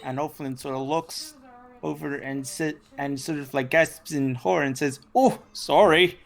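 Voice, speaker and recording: A woman narrating as game master for a tabletop game, slow and halting with many restarts. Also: rumbling low, steady tone, gravelly.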